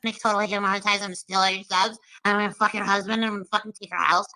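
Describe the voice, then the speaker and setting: A woman's voice: mid-range voice, level tone, racing, bright, forceful tone, low-quality recording. A woman doing a mocking impression of a profane, jealous woman who rants and screams threats. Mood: taunting. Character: foul-mouthed jealous woman ranting, shrieking threats.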